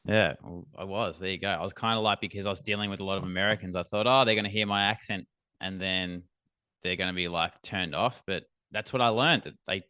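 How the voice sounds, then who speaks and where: An Australian man talks as a podcast guest in a relaxed, halting way, laughing easily. His voice is bright and crisp, and the recording is dry and close with no room sound. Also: low-pitched, dry recording. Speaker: business coach, podcast guest. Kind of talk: casual podcast interview.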